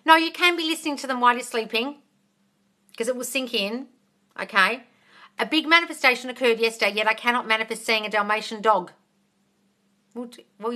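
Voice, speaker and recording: Woman host, livestream Q&A, bright tone, blunt and affectionate, reads comments out loud. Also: fairly high pitch. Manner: reads viewer comments aloud and answers bluntly, with frequent swearing; affectionate, calls viewers darling. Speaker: manifestation coach answering live viewer questions. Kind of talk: casual livestream Q&A.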